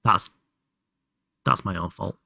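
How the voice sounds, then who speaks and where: A man's voice: sits low, animated, slow, vocal fry, bright, forceful tone, dry recording. Dry-miked Hull-accented young man streaming. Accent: Hull Yorkshire English. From Hull, England. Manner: chatty, swearing, laughing asides. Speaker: livestream gamer. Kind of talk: casual live game commentary.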